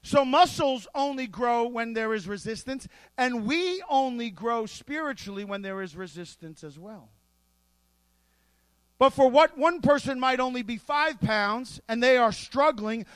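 A pastor with a strikingly high voice preaches in a lively, playful way, weaving asides into his points at an unhurried pace. The audio is dry and close, with no echo or sense of a room.

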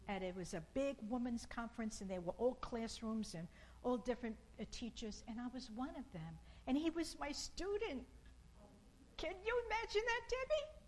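A woman giving an informal sermon in a slow, earnest and repetitive way, with bursts of emphasis. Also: fairly high pitch, a little mellow, a little hiss or hum, rough recording.

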